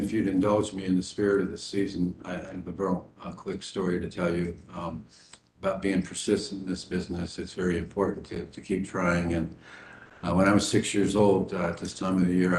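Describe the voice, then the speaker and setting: A polite man with a low voice tells an anecdote to a public meeting. He speaks in a council chamber with a roomy echo and a faint rumble underneath. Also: fairly even intonation, fairly quick. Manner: polite, deferential, storytelling.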